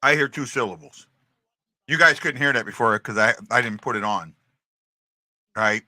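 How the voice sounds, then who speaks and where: A man's voice: on the high side, very animated, normal speed, bright, forceful tone, no room sound, clean studio sound. A man hosting a casual hockey livestream, chatting to his viewers and repeating himself as he talks. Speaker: hockey podcast host.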